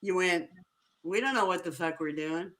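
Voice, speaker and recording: A woman's voice: fairly low pitch, normal speed, a bit bright, a little hiss or hum. A woman co-hosting a live stream show, teasing her partner and laughing a lot. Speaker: co-host.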